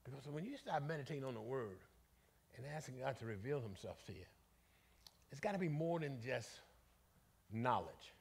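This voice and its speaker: A man leading a Bible study as bishop, preaching in an animated, folksy way and calling out to the congregation. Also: mid-range voice, moderate pace, gravelly, long pauses, slightly rough. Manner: animated, conversational, calls out to the congregation; colloquial, folksy phrasing.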